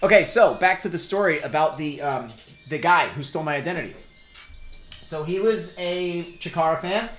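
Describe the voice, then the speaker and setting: A man's voice: fairly high pitch, animated, normal speed, a bit bright. A man hosting a livestream in casual chat, rambling and stammering as he tells a story. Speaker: livestream host. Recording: roomy echo, faint music.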